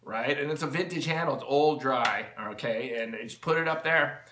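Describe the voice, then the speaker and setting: A man talks in a loose, rambling way, full of ums and false starts, with a bright, forceful edge to his voice. He is recording in his home workshop, and the room adds a noticeable echo around him. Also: mid-range voice, normal speed, a little hiss or hum. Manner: rambling, enthusiastic, with many fillers and restarts. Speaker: channel host. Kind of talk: rambling casual vlog talk.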